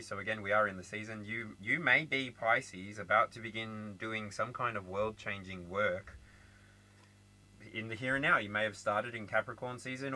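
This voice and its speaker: An Australian man giving a casual tarot reading, chatty and animated, with frequent laughter and asides. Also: fairly low pitch, poor audio. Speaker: tarot reader.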